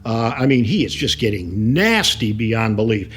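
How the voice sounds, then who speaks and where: A man, a lawyer being interviewed, recounting events in an emphatic, animated way with frequent restarts. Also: lowish voice, moderate pace, hardly any pauses, husky.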